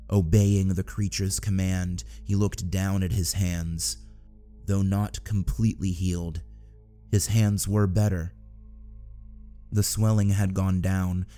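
Low, mellow male audiobook narrator.

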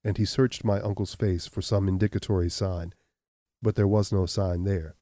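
A man reading a story aloud in an even, measured narration. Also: deep voice, dry recording, clean studio sound. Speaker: audiobook reader. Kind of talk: scripted narration.

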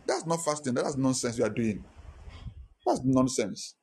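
A man's voice: medium pitch, animated, measured pace, darkish tone, breathy edge. A male pastor, preaching a sermon with impassioned rhetorical questions.

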